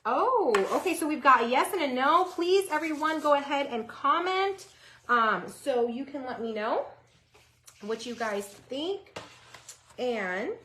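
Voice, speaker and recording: A woman hosting a live DIY craft stream, chatting with viewers, greeting them by name, and breaking into excited yelling. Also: a little high, a little hiss or hum.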